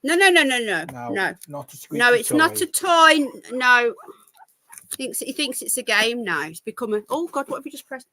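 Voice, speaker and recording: A woman's voice: fairly high pitch, sing-song, brisk, sharp tone. A woman hosting a casual live stream, talking to her pets in cooing baby talk. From United Kingdom. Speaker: livestream host.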